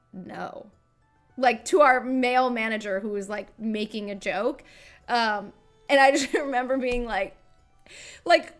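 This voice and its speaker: A woman hosting a livestream, chatting casually and reading comments, rambling and self-mocking with lots of fillers. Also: a little high. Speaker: livestream host.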